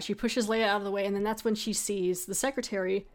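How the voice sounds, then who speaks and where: A woman's voice: mid-range voice, fairly even intonation, fast talker. A woman hosting a podcast, chattily recapping an episode, laughing often and acting out the characters' lines. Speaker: podcast host.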